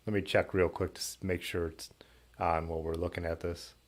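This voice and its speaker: Guy with a real low voice chatting on his stream, rambly, lots of "like" and "uh". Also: flat delivery, fairly quick. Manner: rambling, many fillers and trailing thoughts. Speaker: livestream host. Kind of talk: casual livestream chat. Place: basement workshop. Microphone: laptop setup.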